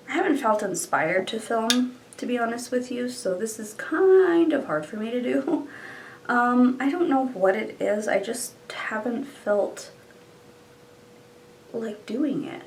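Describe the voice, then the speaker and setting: A woman's voice: a little high, vocal fry, far from the mic, a little hiss or hum, rough recording. A young woman chatting casually through a makeup tutorial, thinking aloud and trailing off. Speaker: beauty vlogger.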